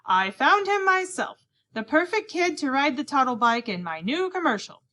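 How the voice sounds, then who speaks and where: A woman voicing a loud, pushy company president who shouts his demands. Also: high voice, big pitch swings, moderate pace, pitched above the performer's own voice, full character voice. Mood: blustering. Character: loud blustering company president man with a cigar.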